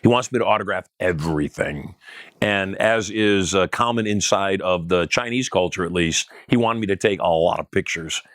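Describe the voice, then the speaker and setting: Lively middle-aged man telling a story. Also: deep voice, normal speed, no room sound, clean studio sound. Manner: animated storyteller who acts out dialogue. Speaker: guest. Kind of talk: storytelling interview.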